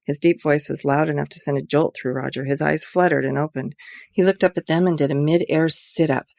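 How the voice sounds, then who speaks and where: A woman's voice: sits low, fairly even intonation, fairly quick, vocal fry, darkish tone, no echo, studio quality. A woman author reading her own mystery novel aloud in an earnest, amateur way.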